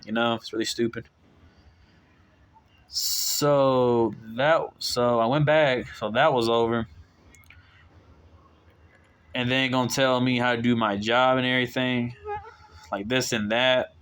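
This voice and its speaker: A young man vlogger with a slightly bright, clean voice speaks slowly and steadily with long pauses, rambling through a work story for viewers. He uses frequent fillers and restarts, makes exasperated asides, and voices his own quoted retorts in a sharply raised pitch.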